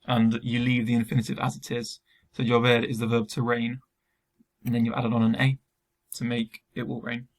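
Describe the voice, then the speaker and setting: A man's voice: medium pitch, completely flat delivery, moderate pace. A man teaching a recorded remote Spanish lesson to school students, explaining step by step with frequent ums.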